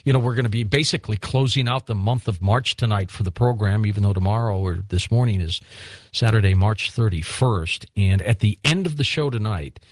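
Relaxed male late-night radio host. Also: fairly low pitch, brisk, no room sound. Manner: relaxed, conversational, reflective. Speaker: radio talk show host.

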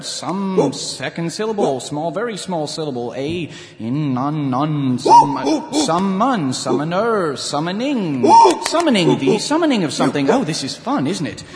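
A man's voice: a little high, very animated, unhurried, in a large hall, very noisy. An actor playing an earnest young watchman who stammers and guesses aloud. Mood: eager.

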